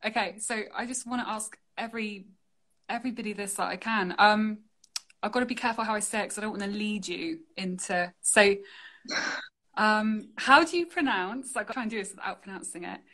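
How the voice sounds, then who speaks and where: A woman's voice: mid-range voice, a little fast. Young british woman, chatty, laughs a lot, livestream call on a phone. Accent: British English. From United Kingdom. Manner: chatty, laughs often, animated. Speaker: guest artist. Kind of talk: casual chat on a livestream. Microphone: phone on a live video call.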